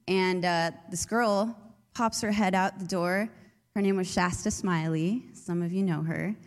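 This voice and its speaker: A young woman, a youth leader, telling her faith story in a chatty way with many fillers. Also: medium pitch. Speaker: youth leader giving testimony. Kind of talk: personal testimony talk. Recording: long hall reverb.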